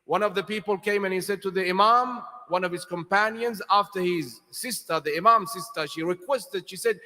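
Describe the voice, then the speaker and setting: A man giving an impassioned sermon at a mourning gathering, swinging from soft to loud and putting questions to his audience. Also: high voice, moderate pace. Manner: asks the audience questions directly. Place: large hall with congregation. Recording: long hall reverb.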